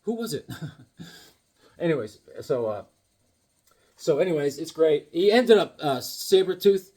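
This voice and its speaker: A man's voice: mid-range voice, a little mellow. A man hosting a casual comic book collecting vlog, playful and rambling with goofy jokes.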